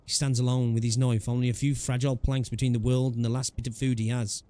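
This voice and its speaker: Gaming YouTuber reading a story. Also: male voice, medium pitch, level tone, fast talker, hardly any pauses, mellow, faint music behind. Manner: casual asides and jokes between lines. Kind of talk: reading a game story aloud.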